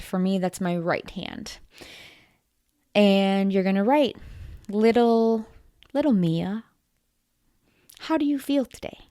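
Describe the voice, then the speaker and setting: A woman hosting a solo self-help podcast, coaching listeners in a deliberate, encouraging and gently playful way. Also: mid-range voice, clear, resonant tone, no room sound, studio quality. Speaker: podcast host.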